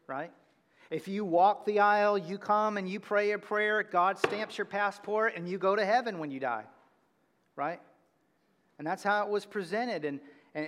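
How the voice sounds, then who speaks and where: Earnest pastor preaching in a reverberant church. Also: male voice, high voice. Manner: earnest, builds to loud emphatic peaks. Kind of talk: sermon. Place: church sanctuary.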